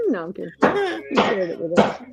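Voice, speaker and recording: A woman's voice: fairly low pitch, lively intonation, normal speed, creaky, muffled recording. A woman co-hosting a casual online chat, bantering and teasing playfully. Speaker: co-host. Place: online call.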